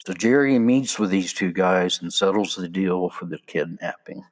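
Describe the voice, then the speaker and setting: A man's voice: low voice, moderate pace. A man hosting his own podcast, talking casually with chatty asides and a loose, conversational flow. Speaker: podcast host. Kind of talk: casual solo podcast talk.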